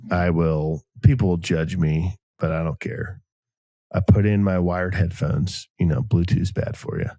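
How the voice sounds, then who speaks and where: A man's voice: deep voice, dry recording, clean studio sound. A man co-hosting a podcast, telling rambling, jokey stories in a casual chat. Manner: rambling, jokey, animated storytelling. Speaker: podcast co-host.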